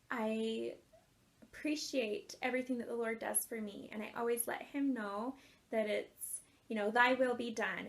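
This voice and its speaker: Earnest high-voiced woman telling a personal story. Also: vocal fry. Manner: earnest, animated, laughs often. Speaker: author and life coach.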